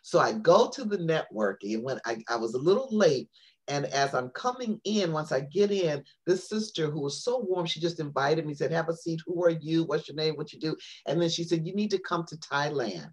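A woman, a poet and author, telling a long personal story on an interview show in a rambling, animated way, full of fillers and restarts. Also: low-pitched, brisk, slightly rough.

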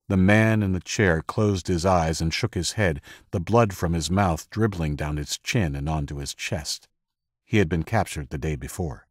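A man narrating an audiobook in a measured, dramatic storytelling manner. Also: low-pitched, a little mellow, no echo, clean studio sound.

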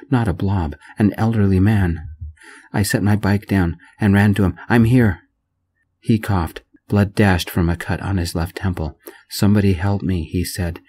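A man reading a first-person romance story aloud in a soft-spoken ASMR narration style, gentle and unhurried. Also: fairly low pitch, breathy edge.

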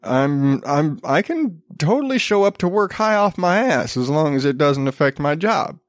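A man putting on a mock Appalachian accent to voice a carefree male worker defending showing up to work high. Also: sing-song, moderate pace, no echo, clean studio sound.

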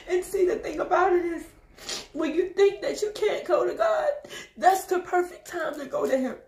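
A woman's voice: high-pitched, lively intonation, measured pace, echoey room. A woman preaching an emotional testimony while crying, repeating herself and urging her listeners on. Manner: emotional, repetitive, exhorting. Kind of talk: tearful spoken testimony.

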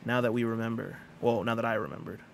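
A man's voice: fairly low pitch, fast, gravelly, slight background noise. A man streaming a video game live, chatting casually and reading out viewer messages. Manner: chatty, greets viewers and reads chat aloud.

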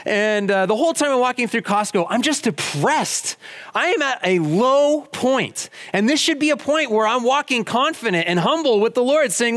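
A man's voice: very high-pitched, very animated, moderate pace, fairly bright tone. A man preaching a sermon, telling a personal story and acting out both sides of the conversations. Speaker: pastor. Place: church auditorium.

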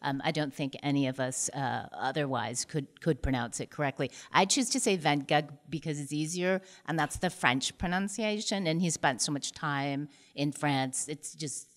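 A woman's voice: sits low, normal speed, hardly any pauses. A woman hosting an art lecture Q&A, chatty and hesitant with many fillers and restarts. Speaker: museum lecture host. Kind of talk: Q&A discussion after a lecture.

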